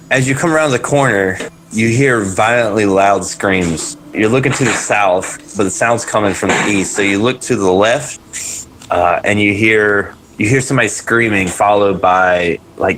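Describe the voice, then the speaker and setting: A man with a very low voice narrates a tabletop fantasy game as its game master. He talks hesitantly, full of ums and restarts, as he describes the scene and calls for rolls. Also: measured pace, fairly bright tone, slight background noise, rough recording. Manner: hesitant, many fillers and restarts.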